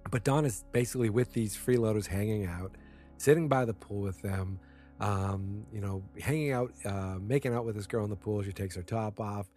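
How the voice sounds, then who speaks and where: A man's voice: on the low side, normal speed, darkish tone, soft background music. A man casually retelling a TV episode, rambling with fillers and restarts and briefly acting out characters' lines. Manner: acts out character lines with small voice shifts. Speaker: TV episode recapper. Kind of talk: casual spoken recap.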